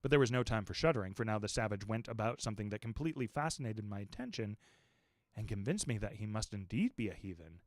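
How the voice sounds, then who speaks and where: A man reading a classic novel aloud as an expressive, animated audiobook narrator. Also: on the low side, fast talker, no echo, clean studio sound.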